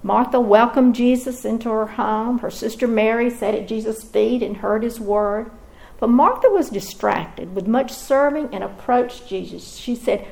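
A woman giving a scripted devotional Bible teaching in a measured, expressive storytelling manner. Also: on the high side, gravelly, rough recording.

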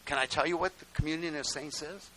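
An older male pastor preaches a sermon in a folksy storytelling manner, dropping into quiet asides before rising to loud exclamations. He talks fast, and the rough recording carries a faint hiss.

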